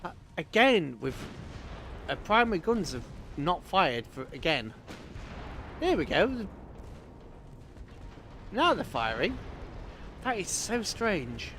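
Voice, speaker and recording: A man's voice: sits high, big pitch swings, takes it slowly, gravelly, long pauses, a bit bright, slight background noise. A man streaming himself playing a strategy game, chatting and reacting aloud to the battle as it unfolds. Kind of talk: live game commentary.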